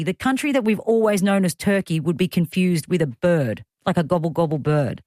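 A woman's voice: on the low side, expressive, warm tone, no echo, clean studio sound. A woman with an Australian accent hosting talkback radio, chatty and teasing, often joking with callers and her producer. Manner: chatty, teasing, quick to joke. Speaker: radio host. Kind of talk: casual talkback radio chat. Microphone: studio microphone.

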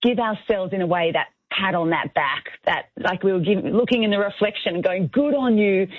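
A woman's voice: medium pitch, a little fast, no echo. An author and speaker, a woman, talking in an earnest, encouraging way as a radio interview guest. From Australia. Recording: tinny phone line.

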